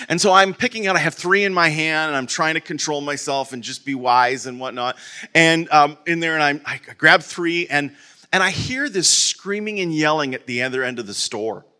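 A man's voice: fairly high pitch, bright, forceful tone. A man casually telling a personal story to his viewers, rambling with lots of restarts and stock fillers. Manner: rambling, repeats "okay, in there" and "and whatnot"; self-deprecating humour, restarts and stammers. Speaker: vlogger.

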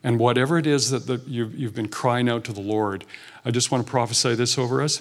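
A man's voice: medium pitch, steady tone, brisk. A man preaching an informal, earnest sermon in a church sanctuary, talking conversationally and often restarting his sentences. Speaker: guest preacher.

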